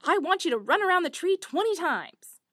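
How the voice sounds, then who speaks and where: A woman's voice: very high voice, sing-song, moderate pace, fairly bright tone, dry recording, studio quality, pitched above the performer's own voice, heavily acted. Brief: scheming bossy male minstrel, commanding, storybook, read by a woman. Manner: commanding, mocking.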